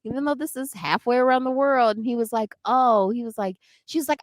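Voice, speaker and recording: A woman co-hosting a casual chat podcast, animated and laughing as she acts out quotes. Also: on the high side, fast talker, hardly any pauses, no echo, studio quality. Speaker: podcast co-host.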